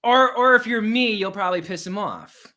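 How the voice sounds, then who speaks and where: A man's voice: high-pitched, moderate pace, bright, forceful tone. A man co-hosting a casual live-stream podcast, joking and self-deprecating. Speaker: podcast co-host.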